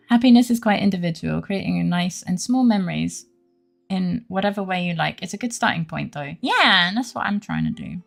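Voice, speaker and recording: A woman's voice: fairly low pitch, very animated, normal speed, gravelly, soft background music. A young adult woman streaming a game, chatting casually with her live chat; playful and giggly, and she swears freely.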